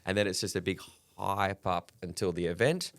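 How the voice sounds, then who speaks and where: A man's voice: deep voice, normal speed, fairly bright tone, no echo, studio quality. A man, a comedian chatting candidly on a podcast, swearing freely and laughing between stories. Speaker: comedian guest. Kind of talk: casual podcast chat.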